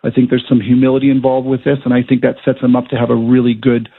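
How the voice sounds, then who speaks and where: A man's voice: medium pitch, monotone, fast talker, vocal fry, slightly rough. A middle-aged man, a former hockey player turned color analyst, chatting and telling stories in a radio interview. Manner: chatty, storytelling, laughs often. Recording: tinny phone line.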